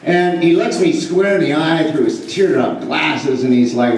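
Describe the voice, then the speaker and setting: A man telling a rambling, animated story to a convention audience, acting out the dialogue. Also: medium pitch, a little slow, a crowd in the background. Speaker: convention panel guest. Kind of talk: storytelling anecdote to a live audience. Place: large convention hall. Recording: echoey hall, mic heard from far off. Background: audience laughing.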